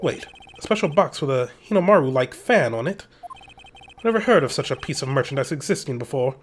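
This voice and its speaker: A man voicing a composed, stern male prosecutor in measured game dialogue. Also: mid-range voice, lively intonation, faint music behind, lightly acted. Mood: serious. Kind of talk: reading game dialogue aloud.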